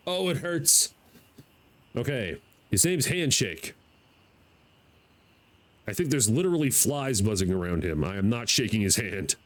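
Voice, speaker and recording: An American man streaming a game live, talking to himself, excitable and swearing freely. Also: lowish voice, moderate pace, pauses often, poor audio. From United States. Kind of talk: live gameplay commentary.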